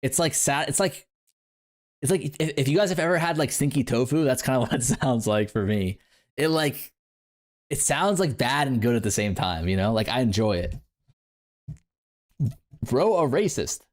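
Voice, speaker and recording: Mid-range voice, normal speed: a young game streamer in casual conversation with his audience. He rambles in a playful way and leans heavily on fillers.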